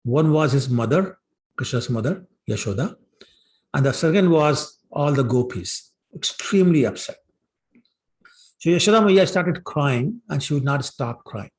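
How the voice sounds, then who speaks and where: A man with a voice on the high side teaches a scripture class, unhurried and expressive. He tells the stories conversationally, full of fillers like "you know," and acts out the characters' lines.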